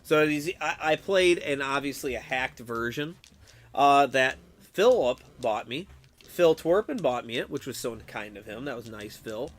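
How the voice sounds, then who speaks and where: A young man streaming, chatting casually with his viewers, excitable, swearing a lot and laughing often. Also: mid-range voice, moderate pace. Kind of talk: casual live-stream chat about a game.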